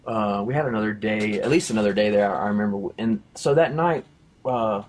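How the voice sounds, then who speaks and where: A man sharing a faith testimony in casual talk, rambling with lots of fillers and his voice jumping high and loud at the exciting parts. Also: brisk. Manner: rambling storyteller, many fillers like "you know" and "like".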